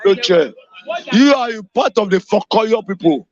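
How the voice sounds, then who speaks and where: A man from Edo State with a Nigerian accent, ranting fiercely as a caller on a live radio show, shouting and repeating himself and slipping into Pidgin. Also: high voice, moderate pace, no echo. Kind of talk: impassioned live radio call-in rant. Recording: dull lo-fi radio audio.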